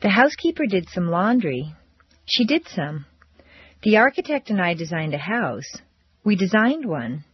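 A woman teaching pronunciation drills, speaking slowly and deliberately with exaggerated intonation. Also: medium pitch, big pitch swings, husky. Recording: dull dry lo-fi recording.

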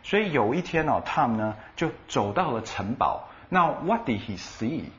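A man co-hosting a radio English lesson, explaining words and quizzing his partner with animated emphasis. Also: medium pitch, normal speed, dull audio. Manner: animated explaining, switching between Chinese and English. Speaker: bilingual co-host explaining in Chinese.

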